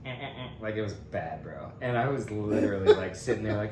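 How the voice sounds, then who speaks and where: Animated laughing man telling a story. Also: lowish voice, fast, roomy sound, a crowd in the background. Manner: animated, laughing, mimics voices in quotes. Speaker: podcast co-host. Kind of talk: casual storytelling chat.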